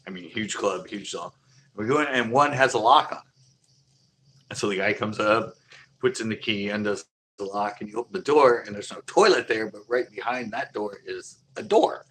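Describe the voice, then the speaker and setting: A man's voice: fairly low pitch, normal speed, fairly bright tone. A man telling a long casual anecdote, rambling with many fillers and chuckling as he goes. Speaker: storyteller.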